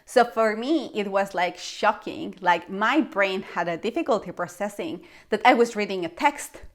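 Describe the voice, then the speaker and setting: A young woman with a Mexican Spanish accent tells a story straight to her viewers in a casual vlog. Her voice sits at a middle pitch. She talks freely with lots of fillers and jumps into animated exclamations as she acts out what she thought. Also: moderate pace. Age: young adult. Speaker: vlogger.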